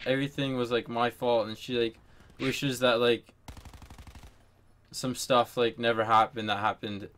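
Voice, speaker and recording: A man's voice: mid-range voice, level tone, measured pace, long pauses, a bit bright. A young man telling a story to friends in a casual voice chat, rambling with lots of fillers and swearing.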